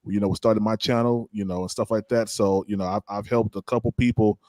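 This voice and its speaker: A man hosting a podcast, talking casually and a little haltingly, repeating words as he goes. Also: on the low side, no echo, studio quality. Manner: relaxed, repeats words, laughs easily. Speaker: podcast host. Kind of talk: casual live-stream chat.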